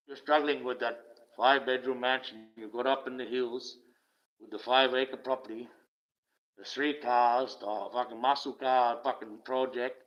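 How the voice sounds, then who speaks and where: A man's voice: mid-range voice, steady tone, unhurried, highs cut off. Profane, sarcastic man ranting on a livestream. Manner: profane, sarcastic, swings between loud and muttered. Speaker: livestream host.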